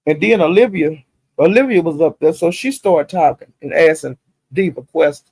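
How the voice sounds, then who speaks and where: A woman's voice: low-pitched, normal speed, darkish tone, slightly rough, no room sound. An older woman with a Southern US accent, hosting a live stream and ranting in a profane, indignant, emphatic way. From Southern United States. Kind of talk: casual live-stream rant.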